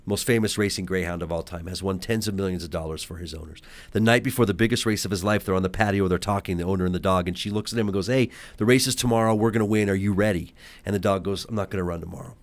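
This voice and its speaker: A man speaks quickly and with emphasis as he tells a story on a podcast. His voice sits fairly low and moves fast. The talk is a relaxed, casual conversation. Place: podcast studio at a table.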